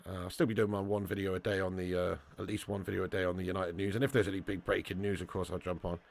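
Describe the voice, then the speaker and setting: A man's voice: low-pitched, level tone, fast, vocal fry, a little hiss or hum. Chatty man streaming a watch-along. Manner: chatty and banter-filled, calls viewers lad and mate. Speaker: live-stream host reading chat. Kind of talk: casual live watch-along chat.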